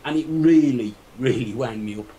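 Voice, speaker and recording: Bloke going off on a rant, blunt and fed up, mid pitch, bit of faint noise. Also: male voice, normal speed, mellow, poor audio. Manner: indignant, blunt ranting. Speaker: panel guest. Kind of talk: live online panel chat.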